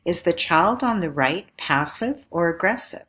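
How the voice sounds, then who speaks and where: A woman giving a recorded lesson, speaking in a clear, measured teacherly way and putting questions to the viewer. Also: fairly low pitch, animated, fairly bright tone. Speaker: instructor.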